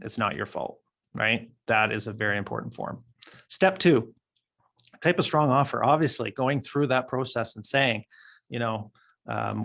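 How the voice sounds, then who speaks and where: A man's voice: medium pitch, fairly quick, creaky, a bit bright. A man leading a training session for new real estate agents, talking casually and acting out client conversations with plenty of fillers.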